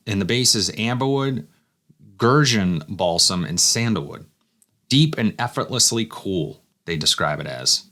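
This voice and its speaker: A man's voice: mid-range voice, a bit bright. A man casually reviewing fragrances, thinking aloud as he smells each one. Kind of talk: casual first-impressions review.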